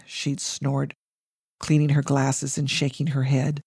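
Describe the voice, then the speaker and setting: A woman narrating a family memoir in a wry, measured storytelling manner. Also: a bass voice, completely flat delivery, creaky, darkish tone, husky, no echo, studio quality.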